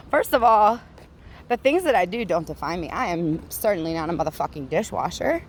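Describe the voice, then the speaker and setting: A woman's voice: on the low side, expressive, normal speed, slight background noise. A woman giving a blunt, profane, ranting monologue while walking outdoors, with frequent laughs, recorded on a handheld phone. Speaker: vlogger. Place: outdoors, walking near traffic.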